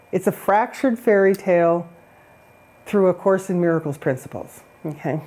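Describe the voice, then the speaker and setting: A woman's voice: on the low side, lively intonation, normal speed, darkish tone. A woman on a spiritual talk show who tells a fairy-tale parable in a chatty, self-deprecating way and laughs often. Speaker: guest.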